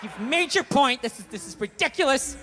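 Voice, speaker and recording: A man's voice: very high-pitched, lively intonation, brisk, pushed and bright, faint music behind, a faint crowd. A man doing stand-up comedy on a theater stage, ranting with lots of swearing and acting out both sides of arguments. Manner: ranting, profane, acts out quoted arguments. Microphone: stage microphone. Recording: echoey hall, faint hiss.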